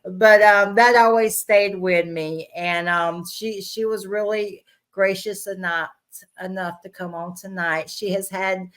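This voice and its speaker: A woman's voice: mid-range voice, steady tone, unhurried, a bit bright. A woman hosting a casual podcast, introducing her guest with effusive praise and frequent fillers. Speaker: podcast host.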